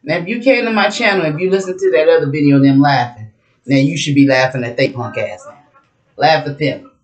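A woman's voice: deep voice, fairly quick. Brash, profane woman doing a casual tarot reading, recorded in a roomy, echoing space. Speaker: tarot reader. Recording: roomy echo.

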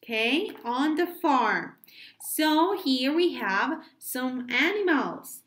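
A woman teaching an English lesson to preschoolers, speaking slowly and enunciating carefully as she prompts children to repeat after her. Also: high-pitched, animated, a bit bright.

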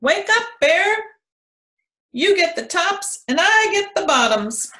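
A woman's voice: high voice, big pitch swings, slow pace, pushed and bright, a little hiss or hum, voice pushed up, full character voice. A woman doing a chirpy trickster hare. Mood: cheerful, teasing. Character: clever sly male hare, cheerful trickster.

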